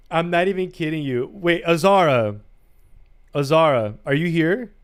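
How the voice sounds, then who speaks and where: A man's voice: on the high side, moderate pace, smooth. A man livestreaming in a playful, teasing way, chatting to his audience and breaking into sing-song bits. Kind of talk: casual chat to a live stream audience.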